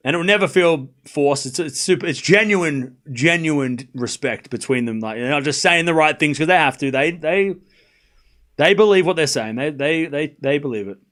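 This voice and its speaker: This man's fairly high, fairly bright voice moves at a normal pace with lively intonation. He's hosting a live watchalong and chatting informally with his chat, rambling and often restarting amid frequent fillers.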